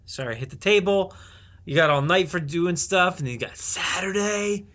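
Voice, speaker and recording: A man's voice: high-pitched, normal speed, a bit bright, a little hiss or hum. A man co-hosting a podcast in loose, profane banter, talking around a sore bitten tongue and laughing often. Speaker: podcast co-host.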